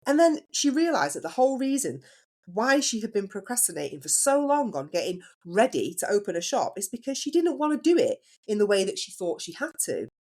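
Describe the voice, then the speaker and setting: A woman's voice: mid-range voice, a little mellow. A woman hosting a solo podcast as a business coach, telling a story in a chatty way and putting questions to the listener.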